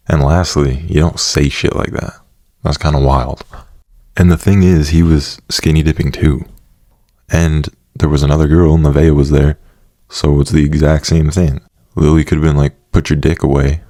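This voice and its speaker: A man's voice: extremely low pitch, warm tone, no echo, clean studio sound. A young man casually telling a personal story, swearing often and laughing now and then. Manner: casual, profane, laughing asides.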